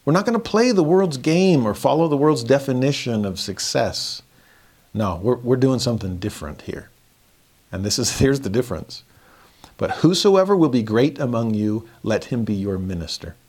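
A man teaching a verse-by-verse scripture lesson in a conversational way, chuckling often and rising in pitch for emphasis. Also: animated, normal speed, a little mellow.

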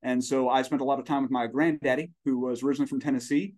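A man's voice: mid-range voice, fairly even intonation, fast talker, darkish tone. A man in his forties, a startup CEO guest on a podcast, talking in an expansive, folksy way with long storytelling tangents. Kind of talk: conversational podcast interview.

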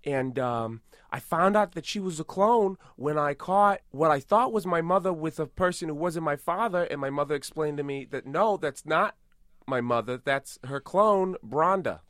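Brief: man playing a boastful tough-guy celebrity, rambling and absurd, fairly high voice, dry close mic. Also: normal speed, no echo. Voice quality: rambling, self-aggrandizing, deadpan absurd. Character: boastful tough-guy movie star impression, male adult. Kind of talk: improvised comedy podcast.

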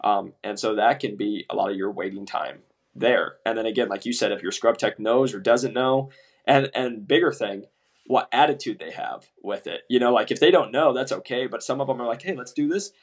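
A young man co-hosting a casual podcast about medical device sales, telling lively stories and acting out the people he quotes. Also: lowish voice, fairly quick. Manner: animated storyteller, acts out quoted voices, swears casually.

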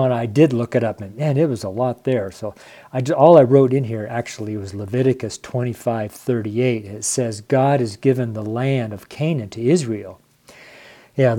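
Middle-aged male podcaster, earnest devotional reader, mellow low-key tone, casual and unpolished. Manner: earnest, emotional, unedited and rambling. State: tearful. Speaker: podcast host, trucker. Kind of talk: devotional podcast with Bible reading.

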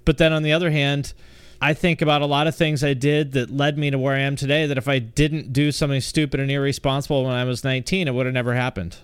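A man's voice: medium pitch, level tone, fast talker, clean tone, dry recording, studio quality. A man hosting a podcast, chatting casually with a guest and adding wry, joking asides. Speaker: podcast host.

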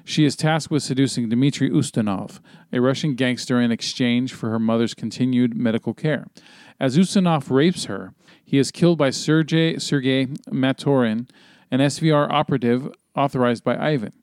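A man's voice: medium pitch, normal speed, a little mellow, no echo, studio quality. Swearing, rambling male podcast host. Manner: rambling with many ums and swearing, reading a plot summary. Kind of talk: casual podcast plot recap.

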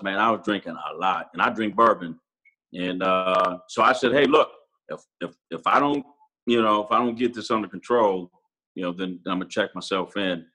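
Bright-voiced earnest man in his forties. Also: on the low side, low-quality recording. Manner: earnest, casual, often calls the host brother. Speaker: Marine sergeant major, podcast guest. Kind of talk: candid conversational storytelling.

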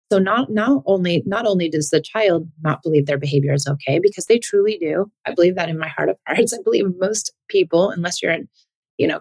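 A woman's voice: fairly low pitch, darkish tone, dry recording. A woman hosting a parenting podcast, talking it through earnestly and posing rhetorical questions to the listener. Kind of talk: reflective solo podcast talk.

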